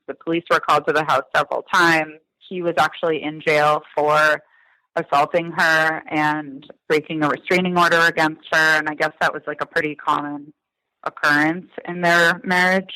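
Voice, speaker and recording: A man's voice: a little high, flat delivery, moderate pace, pushed and bright, dry recording, poor audio. A man in his thirties from Massachusetts, talking reflectively in a podcast interview with many ums and likes. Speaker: guest, son of a crime victim.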